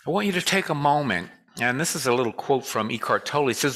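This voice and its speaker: Bright-voiced man giving a lively casual sermon. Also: mid-range voice, fast, few pauses. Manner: joking, conversational, leads call and response. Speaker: guest speaker. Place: church sanctuary.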